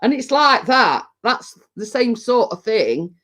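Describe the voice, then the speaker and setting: Male host, slow and meandering, loose and tipsy, casual stream chat. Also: very high voice, sing-song, sharp tone. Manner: rambling, halting, many restarts. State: tipsy from home brew. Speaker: livestream host. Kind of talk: casual chat reading viewer comments.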